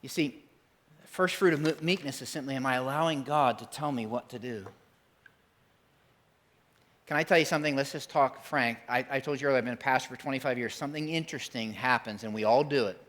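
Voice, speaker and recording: A man's voice: mid-range voice, a bit bright. A middle-aged man preaching a sermon as pastor in a church, in a conversational, emphatic way. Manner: conversational, emphatic, acts out quick voices.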